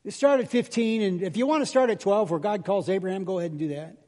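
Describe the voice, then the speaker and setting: Older man, pastor, high-pitched voice, chatty joking sermon, long church reverb. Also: quick pace, warm tone. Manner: chatty, self-deprecating storyteller, acts out voices in jokes. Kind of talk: folksy sermon with jokes. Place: church sanctuary.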